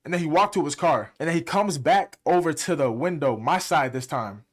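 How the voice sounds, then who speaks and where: A young man, a music producer and streamer, telling a story in a fast, heated, slang-heavy way. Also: a little high, lively intonation. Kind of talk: casual storytime.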